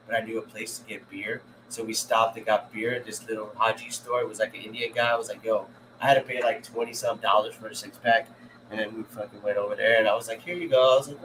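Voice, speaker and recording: A man's voice: mid-range voice, steady tone, quick pace, background noise. A man in casual podcast chat, telling rambling, crude stories with fillers and laughs. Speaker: podcast co-host.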